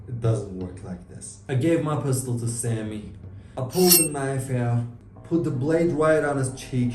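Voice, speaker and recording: A man's voice: mid-range voice, animated, normal speed. Male storyteller, tense first-person crime narration, distant roomy sound with music underneath.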